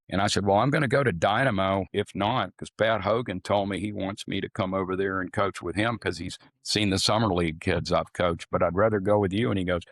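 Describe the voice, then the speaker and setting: His voice is low with fairly even intonation, and he talks briskly with hardly any pauses. The older man, an ex-swim coach from Arkansas, rambles through folksy anecdotes with casual swearing as a podcast guest, in a dry, clean studio recording.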